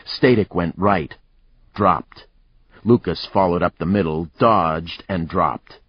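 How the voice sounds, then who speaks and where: Man, audiobook narrator, measured, husky, very low voice, dry muffled recording. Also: no room sound. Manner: even, measured storytelling. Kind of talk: scripted narration.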